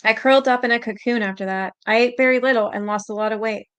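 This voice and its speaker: This channel host has a smooth, fairly high voice with a steady tone and a quick pace. She reads letters aloud like a story, steady overall but tripping on words now and then, and cuts in with blunt reactions.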